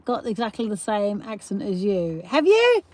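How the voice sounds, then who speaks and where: A woman's voice: mid-range voice, wildly swooping pitch, moderate pace, warm tone. A middle-aged woman with a South East London accent, hosting a live stream and telling a rambling, giggly story with casual swearing. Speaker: livestream host.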